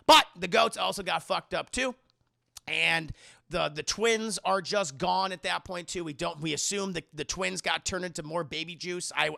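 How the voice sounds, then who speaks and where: Young man, comic film recap, profane, animated, bright gravelly voice, dry close sound. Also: on the high side, no echo. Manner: profane, animated, addresses the chat. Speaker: film reviewer streaming to a live chat. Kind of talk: casual comic plot recap.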